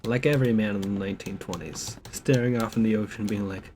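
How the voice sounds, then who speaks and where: A man's voice: lowish voice, fairly quick, hardly any pauses, mellow. A young man streaming a game, joking around and reading the game's notes aloud in a rambling, casual way. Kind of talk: casual let's-play commentary. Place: home streaming setup. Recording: background noise with keyboard typing.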